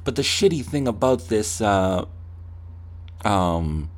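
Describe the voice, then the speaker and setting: A podcast host with a fairly low, expressive voice speaks slowly through a profane comedic rant. He swears heavily and drops into mocking impressions of corporate staff.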